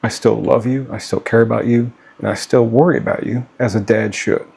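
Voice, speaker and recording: A man's voice: medium pitch, steady tone, brisk, vocal fry, a little mellow, husky. A middle-aged father speaking straight to camera to his children, earnest and pleading, often checking in with "okay?". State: getting hot and worked up. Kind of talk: direct-to-camera personal vlog.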